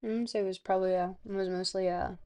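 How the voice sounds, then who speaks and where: A woman's voice: mid-range voice, fairly even intonation, fast, dull audio. A woman co-hosting a casual stream, chatting and joking playfully. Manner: playful, teasing. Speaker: co-host. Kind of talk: casual chat.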